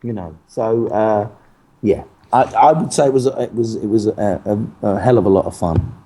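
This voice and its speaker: A man's voice: fairly low pitch, normal speed, mellow, slight background noise. A man, an actor talking as a guest in a casual interview, who laughs often and keeps restarting his sentences in a playful way.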